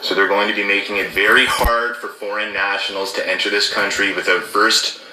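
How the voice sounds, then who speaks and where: A man's voice: lowish voice, fairly even intonation, brisk, bright, forceful tone, echoey room, rough recording. A man explaining rules in an emphatic commentary, stressing key words and checking in with "okay?". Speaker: former border officer commentator.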